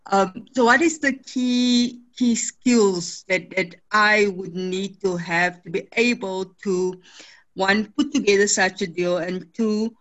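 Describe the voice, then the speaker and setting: A woman speaks slowly and hesitantly on a coaching call. She asks her question with many fillers and restarts. Her tone is earnest and searching. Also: mid-range voice, steady tone, fairly bright tone, dull audio. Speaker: client asking a question.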